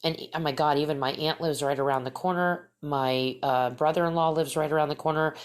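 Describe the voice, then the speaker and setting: A woman's voice: deep voice, steady tone, a little fast. A middle-aged woman hosting a podcast, telling a personal story in a casual, rambling way with many fillers and restarts. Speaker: podcast host.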